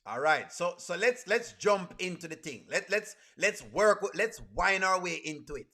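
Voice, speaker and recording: A man's voice: high-pitched, expressive, normal speed, bright, forceful tone. A man with a Jamaican accent giving casual live reaction commentary. He throws rhetorical questions at his chat and uses creole grammar. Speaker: reaction streamer.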